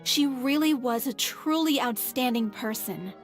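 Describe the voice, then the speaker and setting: An actress playing a gentle young woman in a theater troupe, speaking softly and fondly, in game voice acting. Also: sits high, a little slow, faint music behind.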